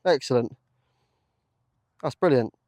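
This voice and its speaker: Excitable man, dry outdoor mic. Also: mid-range voice, slow, no room sound. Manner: chatty, excitable, lots of fillers. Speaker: metal detecting vlogger. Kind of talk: casual commentary to camera. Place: open field outdoors.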